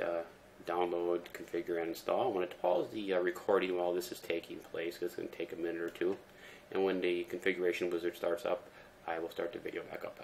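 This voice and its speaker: A man giving a relaxed, step-by-step screen-recorded tech tutorial, talking through each command with fillers. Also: low voice, creaky, slight background noise. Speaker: tutorial presenter.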